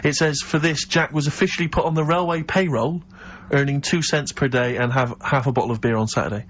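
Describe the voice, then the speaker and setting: Wry, fast-talking man. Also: medium pitch, fairly even intonation. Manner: dry, wry storyteller. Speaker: radio co-host. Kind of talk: casual chat. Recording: dull, noisy radio recording.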